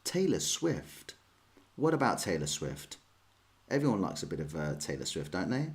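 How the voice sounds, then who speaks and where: A deep-voiced English man, very animated and brisk, streams chess while answering viewers' questions. His chat is casual, rambling, and self-deprecating.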